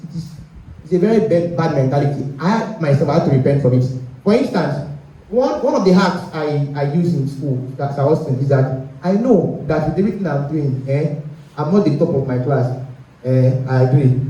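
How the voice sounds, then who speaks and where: A man's voice: fairly high pitch, warm tone. A young man gives a motivational talk to an audience, often checking in with them. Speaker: guest speaker. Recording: echoey room, speaker far from the mic.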